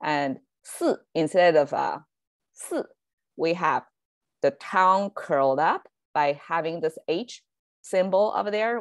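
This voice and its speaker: A woman's voice: sits low, dry recording. A woman whose first language is Chinese, hosting a casual online language lesson, chatty, often laughing and correcting herself as she explains slides. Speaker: Chinese language teacher and host.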